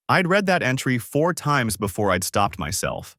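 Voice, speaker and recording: A man reading a first-person story aloud in measured, scripted narration. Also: medium pitch, sing-song, fairly bright tone, no echo, studio quality.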